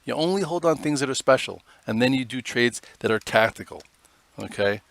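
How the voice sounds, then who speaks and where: A man's voice: medium pitch, expressive, fairly quick, creaky, a bit bright. A man hosting a live stock trading show, giving casual, rambling commentary on charts with many fillers.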